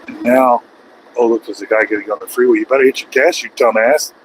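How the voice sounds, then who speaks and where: Male trucker vlogger, middle pitch, chatty, ranting at traffic, faint road hum behind. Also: steady tone, fast talker, rough recording. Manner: chatty, rants at other drivers. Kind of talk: casual driving vlog. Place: truck cab on the highway.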